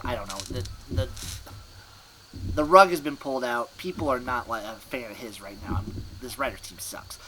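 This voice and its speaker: A man of ordinary pitch hosts a sports podcast in broken, fragmentary bursts. He mocks himself as he rambles along. A clear steady noise runs under his voice. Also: low-quality recording. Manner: scattered, fragmented, self-mocking. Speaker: podcast host.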